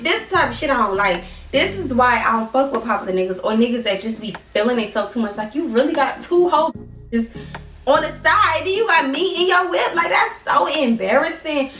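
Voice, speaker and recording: A young woman in her twenties telling a storytime vlog in an animated, slangy, profane way. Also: on the high side. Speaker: vlogger. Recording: echoey room from a distance, faint music.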